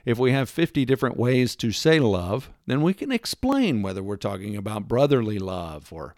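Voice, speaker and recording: Man for a sarcastic opinion monologue, lively swooping delivery, dry close sound. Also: medium pitch, normal speed, no echo. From United States. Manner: emphatic, sarcastic, lecturing with rhetorical questions; mimics accents in quoted lines. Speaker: commentator.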